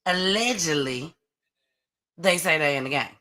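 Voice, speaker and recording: A woman hosting a casual live-stream gossip show, chatty and animated as she greets viewers. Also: sits low, a little slow. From Atlanta area. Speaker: host of a live online gossip and news show.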